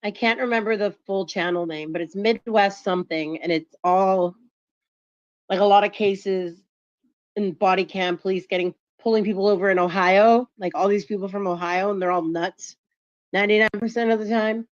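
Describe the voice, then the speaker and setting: A woman's voice: mid-range voice, fairly even intonation, moderate pace, no echo. Rambling woman streamer. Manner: rambling, heavy use of "like". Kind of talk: casual chat. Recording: dull lo-fi stream audio.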